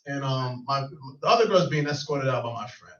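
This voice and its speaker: A man's voice: mid-range voice, lively intonation, a little fast, fairly bright tone. A man doing a stand-up set on a comedy club stage, loose and laughing at his own jokes. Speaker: stand-up comic. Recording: echoey room, far from mic, dull.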